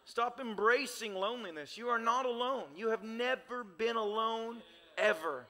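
A man preaches with fervor, his high, bright voice carrying a gravelly edge. He builds his points in rhythmic, repeated phrases. Every word echoes through a large church hall. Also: normal speed. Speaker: pastor. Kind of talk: sermon. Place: church sanctuary.

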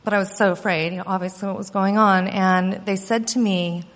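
Woman, a mother, earnest animated storyteller, middle pitch, recorded with long reverb. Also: brisk. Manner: earnest, animated telling with quoted dialogue. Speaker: mother recounting an experience. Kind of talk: personal storytelling.

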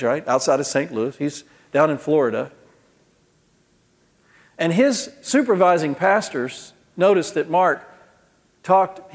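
A man giving an earnest sermon-style talk at a conference, telling a story with frequent restarts and ending in prayer. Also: on the high side. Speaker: conference speaker. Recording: long hall reverb.

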